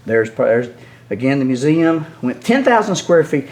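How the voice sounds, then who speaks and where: An older man telling a story with lively, animated delivery, often dropping to a hush. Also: mid-range voice, normal speed. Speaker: guest storyteller.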